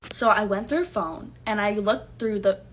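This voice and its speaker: A woman's voice: medium pitch, moderate pace, breathy edge. A young adult woman telling a casual storytime, heated and profane, acting out what she said back then. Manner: heated, profane and emphatic, acting out her own lines.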